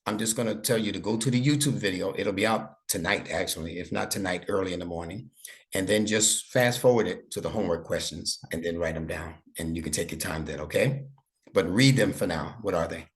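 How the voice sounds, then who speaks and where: A man's voice: deep voice, brisk. A middle-aged man giving a one-on-one online lesson to a child, patient and coaxing with playful teasing. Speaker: instructor.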